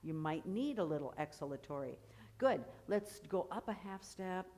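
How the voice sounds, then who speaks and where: A woman's voice: fairly low pitch, expressive, moderate pace, darkish tone. A woman coaching a choir through vocal technique, explaining and encouraging as she demonstrates. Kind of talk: rehearsal vocal instruction.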